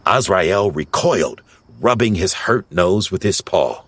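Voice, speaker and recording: A man narrating an audiobook fairy tale in a measured storytelling voice. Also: low voice, background noise. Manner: slow, lively storytelling.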